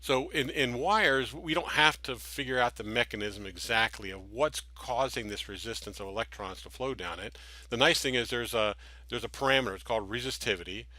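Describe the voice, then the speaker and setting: A man gives a slide lecture on basic circuits. His voice is bright and forward, and the recording is dry with little room sound. He explains patiently through everyday analogies, often restarting his phrases. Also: mid-range voice, brisk, dry recording. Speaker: instructor.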